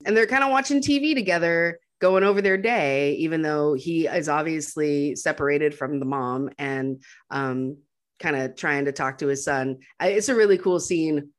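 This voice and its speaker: A woman's voice: low-pitched, normal speed. A woman casually retelling film scenes to a co-host, with wry asides and quoted lines. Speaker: podcast co-host. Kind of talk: casual movie recap chat.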